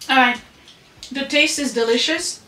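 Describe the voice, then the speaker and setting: A woman walks through her home baking in a relaxed, chatty way. Her voice is bright and clear. The kitchen is echoey, with a faint hiss underneath. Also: sits high, a little slow. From France. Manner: chatty, explains as she goes. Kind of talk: casual cooking demonstration.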